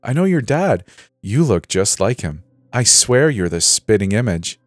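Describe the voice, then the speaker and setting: A man's voice: lowish voice, big pitch swings, a little slow, dry recording, clean studio sound, soft background music, pitched above the performer's own voice. A man doing a jolly, hissing killer. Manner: jolly cheer turning to hissing whisper. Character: huge jolly scarred male killer, middle-aged.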